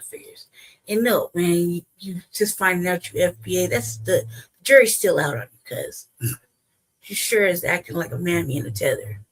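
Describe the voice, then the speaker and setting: A woman's voice: lowish voice, lively intonation, moderate pace, husky, poor audio. A woman hosting a reaction commentary, heated and emphatic, swearing freely as she rants. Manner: heated, profane, emphatic ranting. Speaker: host.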